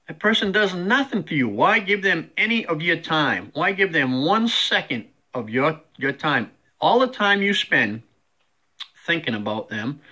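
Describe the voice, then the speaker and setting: Bright-voiced folksy man giving a pep talk. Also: a little high. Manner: folksy, repeats rhetorical questions. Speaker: host. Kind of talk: motivational talk.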